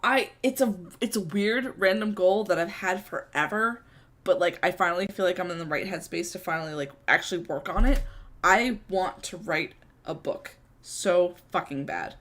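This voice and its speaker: A young woman co-hosts a relaxed podcast. She laughs often and keeps her talk loose and profane. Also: lowish voice, normal speed. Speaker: podcast co-host and streamer. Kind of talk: casual chat.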